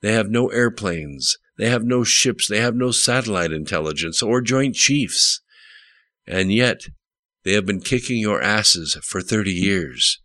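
A man's voice: fairly low pitch, expressive, unhurried, fairly bright tone, no echo, voice pushed up. A man reading the lines of a frustrated male president pressing his generals in an audiobook. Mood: demanding.

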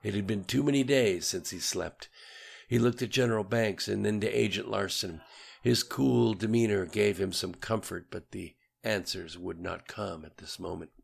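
A man narrating an audiobook in a low, even reading voice. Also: normal speed, creaky, husky. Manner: low, even dialogue tags.

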